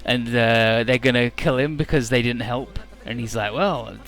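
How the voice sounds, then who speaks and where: A man giving casual, rambling gameplay commentary in a low-key, mumbly way. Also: fairly even intonation, moderate pace, a bit bright, faint music behind. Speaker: let's play host.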